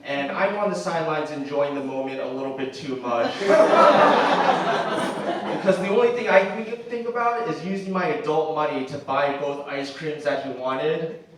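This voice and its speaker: A man's voice: fairly high pitch, fairly quick. Young man doing stand-up in an echoey hall. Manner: conversational, acts out quoted voices, frequent "like" fillers. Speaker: stand-up comedian. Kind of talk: stand-up comedy set. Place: theatre stage with audience laughing. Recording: roomy echo, distant mic, faint noise.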